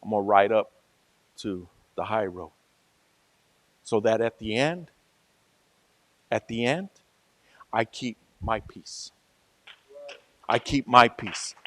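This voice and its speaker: A male pastor preaching a sermon in a conversational way, moving from soft asides to loud, emphatic peaks. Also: fairly low pitch, takes it slowly, long pauses, no echo.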